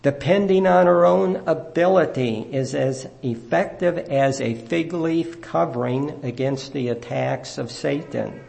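Gravelly-voiced man preaching. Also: on the high side, a little mellow. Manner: measured, earnest teaching delivery. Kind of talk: sermon.

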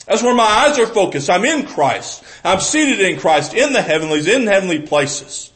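Earnest Southern preacher, fairly high voice. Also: male voice, big pitch swings, moderate pace, low-quality recording. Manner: earnest, repeats and restarts, swings from loud emphasis to soft intimate tones. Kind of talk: sermon.

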